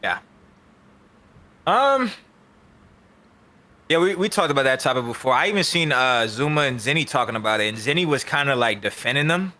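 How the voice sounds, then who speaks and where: A man's voice: medium pitch, moderate pace, long pauses. A man hosting a casual esports podcast, ranting in a heated, profane way. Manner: heated, profane, animated rant. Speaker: podcast host.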